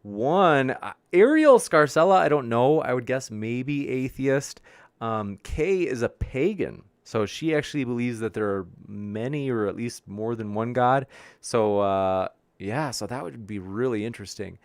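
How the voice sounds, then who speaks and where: A man with a mid-range voice hosts a debate livestream, speaking in an animated but unhurried way on a dry recording. He reads viewer chat and answers in a friendly, upbeat tone, stumbling over viewers' names.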